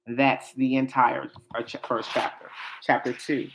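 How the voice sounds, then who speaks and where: A man's voice: medium pitch, steady tone, normal speed, poor audio. A man giving a sermon, reading scripture aloud and breaking off into casual asides that explain it. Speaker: preacher.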